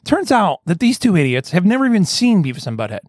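A man hosting a casual comedy podcast, excitable, laughing often and restarting his sentences. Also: high voice, quick pace, dry recording, clean studio sound. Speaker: podcast host.

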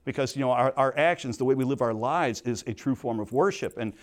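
A man's voice: medium pitch, fairly quick. A middle-aged man teaching a Bible study at a Christian camp, earnest and conversational, with plain storytelling asides.

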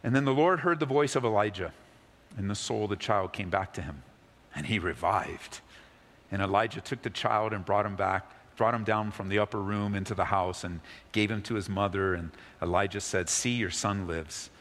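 A male pastor giving an animated sermon, reading scripture and teaching with emphatic, rising delivery. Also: normal speed, long reverb tail. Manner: animated preaching, voice rising high when acting out the widow's excitement.

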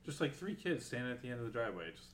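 Animated man, faint background hum. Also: medium pitch, rapid-fire. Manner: blunt, profane storyteller. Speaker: podcast co-host. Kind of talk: casual chat.

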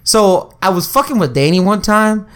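A man's voice: high voice, expressive, normal speed, fairly bright tone, clean tone. Young man in loose, profane, slangy chat. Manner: profane, slangy, laughs often. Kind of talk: casual chat.

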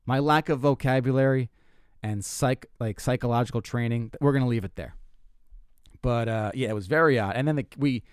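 A young man hosting a podcast, telling a comic story in a casual, animated way, stumbling and restarting often. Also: fairly quick, clear, resonant tone, no echo, studio quality. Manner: animated, self-interrupting, swears, jumps pitch for quoted lines. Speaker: comedian podcast host.

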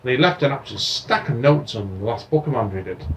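A man's voice: medium pitch, animated, fast talker, heavy background noise. A man hosting a casual podcast, reading out news items in a chatty, rambling way. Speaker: podcast host.

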